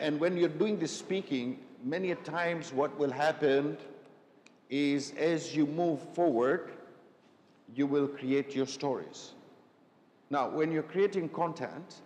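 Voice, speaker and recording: A man leading a live public speaking workshop, asking the audience questions and often checking in with "right?". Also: a little mellow. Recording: echoey hall with faint rumble.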